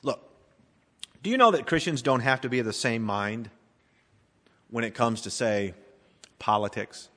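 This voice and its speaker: A middle-aged male pastor preaching a sermon in a church, dramatically swinging between emphatic and hushed delivery. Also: medium pitch, measured pace, pauses often. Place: church sanctuary. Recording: long reverb of a large church hall.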